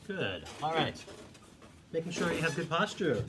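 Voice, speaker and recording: A male voice teacher calmly guiding a singing warmup, giving encouraging instructions. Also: on the high side, moderate pace, loud music behind the voice. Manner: demonstrates hums and vocal sounds. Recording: faint background noise.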